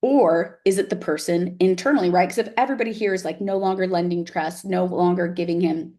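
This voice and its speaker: A woman's voice: fairly low pitch, brisk, mellow. A woman teacher talking casually to camera, often checking in with "right?" and "like". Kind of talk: casual reflective talk to camera.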